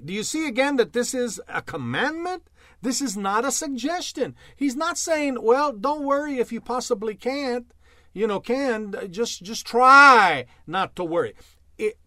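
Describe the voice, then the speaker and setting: A man's voice: high voice, fairly bright tone, dry recording, clean studio sound. A male preacher teaching a sermon, emphatic, with refrains like "amen" and "bless God" and frequent self-amused laughs. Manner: emphatic, laughs at himself, many uh fillers.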